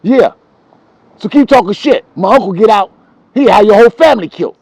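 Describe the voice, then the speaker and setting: A man's voice: high-pitched, lively intonation, a little fast, darkish tone, dry recording. A man quoting a boastful young boy who threatens others with his gang uncle. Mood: threatening.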